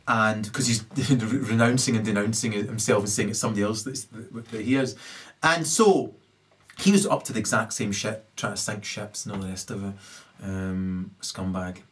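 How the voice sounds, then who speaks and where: A man's voice: lowish voice, normal speed. A man in a rambling, ranting monologue, constantly tagging his points with questions. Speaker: commentator.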